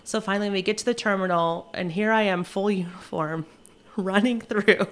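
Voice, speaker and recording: A young woman, a flight attendant, telling a rushed travel story in casual chat, acting out quotes and laughing often. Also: mid-range voice, fairly even intonation.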